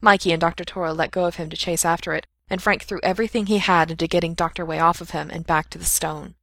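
A woman narrating a fiction audiobook, voicing the characters' shouts and whispers. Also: fairly low pitch, fairly even intonation, quick pace, creaky, no echo, studio quality.

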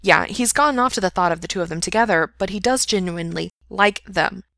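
A woman reading a story aloud in a steady, intimate way. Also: medium pitch, brisk, vocal fry, no room sound, clean studio sound. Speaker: story reader. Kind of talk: reading fan fiction aloud.

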